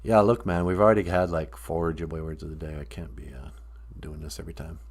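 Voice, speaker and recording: A man's voice: very deep voice, flat delivery, brisk. A man hosting a live stream, rambling casually, joking and laughing often. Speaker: host.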